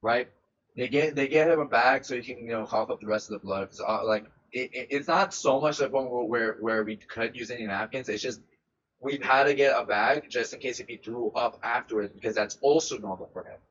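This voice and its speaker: A young man streamer telling a story in a casual, animated way, full of swearing and repeated words. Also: medium pitch, a little fast, highs cut off, a little hiss or hum. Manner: animated, profane, repeats himself often.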